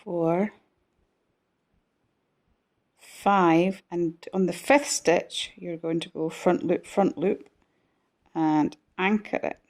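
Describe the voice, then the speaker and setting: Slow, chatty woman teaching crochet. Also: lowish voice, steady tone, a little mellow. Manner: chatty, self-deprecating, talks while stitching. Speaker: crochet tutor. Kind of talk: casual crochet tutorial.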